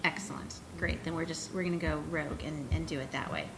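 A woman's voice: low-pitched, fairly even intonation, quick pace. A woman moderating a live panel discussion in an upbeat, chatty way, asking the audience questions. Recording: live room with background noise.

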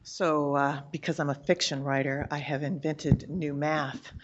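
A woman's voice: low voice, steady tone, a little slow, dull audio, noisy background. A woman author who chats with a playful manner before reading from her own novel. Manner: chatty, self-amused asides before reading.

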